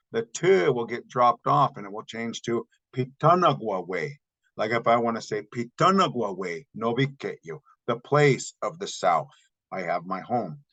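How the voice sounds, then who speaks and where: A man teaching a recorded language lesson, slowly repeating example words and explaining the grammar step by step. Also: medium pitch, a bit bright, poor audio. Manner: patient, slow repetition of example words.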